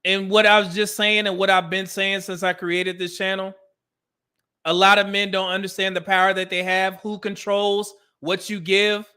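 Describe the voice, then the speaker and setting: A man's voice: sits high, little pitch movement, normal speed, pushed and bright, clear, resonant tone. A man hosting a livestream, reacting to a clip with blunt, exasperated commentary and calling viewers brother. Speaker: host reacting to a video.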